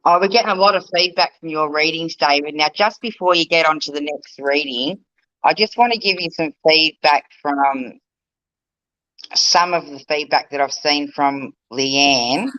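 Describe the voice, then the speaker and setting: A woman hosts a live online psychic show in a chatty, relaxed way. Her voice is bright and forceful. It sounds dry and a little dull, like close live stream audio. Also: deep voice, moderate pace, no room sound. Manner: chatty, relaxed, running the segment.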